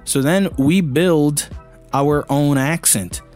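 Man in his thirties, Brazilian Portuguese accent, English teacher, animated casual talk, fairly high voice, soft music underneath. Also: slow. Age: 30s. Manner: animated, conversational, often asks the listener questions. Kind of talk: casual spoken lesson to camera.

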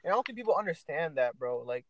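A young man co-hosting a casual podcast, ranting with loud and soft swings. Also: a little high, very animated, quick pace, dry recording, low-quality recording. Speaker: podcast co-host.

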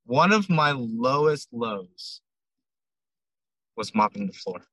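A man's voice: medium pitch, drawn-out words, dry recording, rough recording. A man, a ramen shop owner, telling a story in a casual interview and acting out quoted dialogue. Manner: chatty, animated retelling with many "I'm like" quotes.

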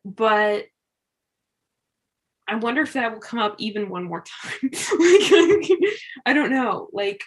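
A woman's voice: medium pitch, measured pace, long pauses. Young female co-host, casual rambling podcast chat, laughs easily. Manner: animated, musing, laughs often.

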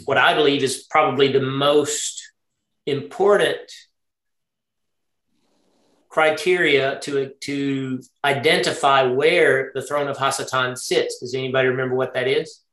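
A man's voice: medium pitch, steady tone, a little slow, a bit bright. Man teaching a Bible class in an echoey room. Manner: thinking aloud, quizzing the group. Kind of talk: interactive Torah study lesson.

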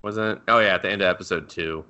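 A man with a low, fast, smooth voice co-hosts a podcast, recapping a show in casual chat. He's animated, swearing and laughing often while playfully acting out the characters he quotes. The recording sounds muffled.

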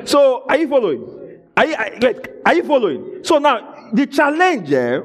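A man preaching a sermon, asking his congregation questions and rising into shouted emphasis. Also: high-pitched, wildly swooping pitch, normal speed. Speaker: pastor.

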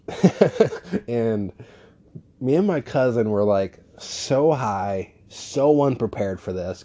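A man's voice: lowish voice, mellow, breathy edge. A young man hosting a podcast, telling a story in a rambling, casual way with lots of fillers and swearing. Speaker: podcast host. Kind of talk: casual solo podcast monologue.

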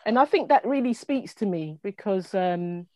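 A woman co-hosting a casual chat show, talking in a relaxed, reflective way and laughing easily. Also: mid-range voice, moderate pace, no echo, rough recording. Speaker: co-host.

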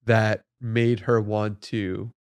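A man's voice: lowish voice, flat delivery, slow, smooth, no room sound. Attentive male podcast host, dry close sound. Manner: attentive, reflective, short back-channel replies. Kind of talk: interview questions.

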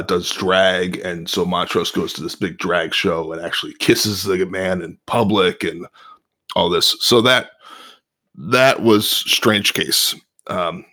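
Deep-voiced man explaining calmly. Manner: measured, explanatory, with filler ums. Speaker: podcast co-host. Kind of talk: casual analytical TV recap.

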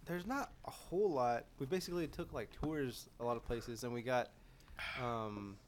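A man's voice: mid-range voice, moderate pace, a little hiss or hum. A young man chatting casually on a podcast, rambling with lots of filler, swearing and laughing as he tells a story. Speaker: podcast co-host.

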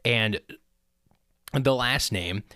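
A man with a bright, tense voice co-hosting a sports podcast, walking through an explanation step by step with frequent ums. The recording is dry and close. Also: mid-range voice, extremely slow, no room sound. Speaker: podcast co-host. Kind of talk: casual sports chat.

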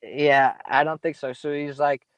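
A young man spins a casual, rambling story, dropping slang and swear words as he goes. His voice sits a bit on the high side. The sound is dry and close, with no room around it. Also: steady tone, unhurried, fairly bright tone, clear, resonant tone, dry recording. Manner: profane, rambling, laid-back slang. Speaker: podcast guest storyteller.

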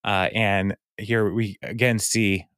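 A man with a lowish voice chats casually on a podcast, walking through a sitcom episode scene by scene and quoting the characters as he goes. The sound is dry and close, with no room in it. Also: little pitch movement, slow pace, fairly bright tone, clear, resonant tone, no echo. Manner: retells scenes by quoting the characters, with laughs and fillers. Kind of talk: casual chat.

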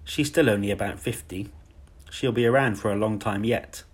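A man voicing a timid, kind young woman teacher in a soft, modest, earnest manner. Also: lowish voice, moderate pace, slightly rough. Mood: gentle.

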